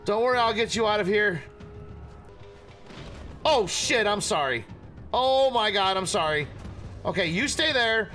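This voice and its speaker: A man gaming streamer giving let's play commentary, excitable, often yelping, apologizing and swearing when something startles him. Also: high-pitched, unhurried, long pauses, faint music behind.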